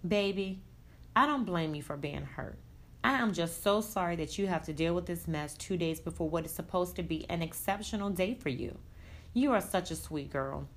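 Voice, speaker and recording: A woman reading aloud, voicing a warm, motherly older woman who comforts her future daughter-in-law in a soothing, tender way. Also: on the low side, animated, normal speed.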